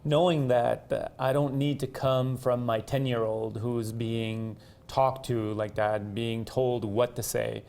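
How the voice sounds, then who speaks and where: A man whose first language is French, speaking haltingly with many restarts as he reflects in a conversation with his partner. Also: medium pitch, fairly even intonation, vocal fry, darkish tone. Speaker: co-host.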